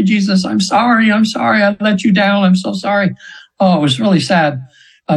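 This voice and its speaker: A man in his seventies, a hypnosis practitioner, telling stories in a chatty, rambling way with laughs and quick high voices for the people he quotes. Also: husky, rough recording. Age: 70s. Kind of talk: storytelling in an interview.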